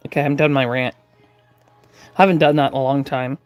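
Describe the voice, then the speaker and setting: A woman's voice: a bass voice, fairly even intonation, fairly quick, darkish tone, no room sound, soft background music. A woman chatting through a live doll-painting tutorial from her craft room at home, rambling with lots of fillers and restarts. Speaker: reborn doll artist streaming live.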